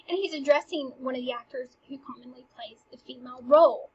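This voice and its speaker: A woman's voice: high-pitched, fast, hardly any pauses, a little mellow, breathy edge, muffled recording. A woman teaching, casually walking through a play scene by scene in a chatty, eager way. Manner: chatty and eager, retells lines with "he's like".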